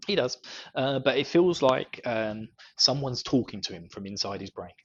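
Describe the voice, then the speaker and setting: A man's voice: mid-range voice, lively intonation, moderate pace, slightly rough. A man co-hosting a podcast, casually recapping a book chapter and chuckling often as he goes. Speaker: podcast co-host. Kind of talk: casual book discussion chat. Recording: dull lo-fi podcast audio.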